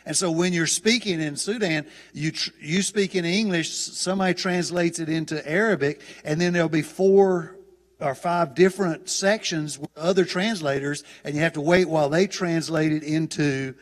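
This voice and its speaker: A man's voice: on the high side, moderate pace. A man with a Southern US accent, a guest preacher giving a folksy, chatty sermon with many restarts. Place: church auditorium. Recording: long church hall reverb.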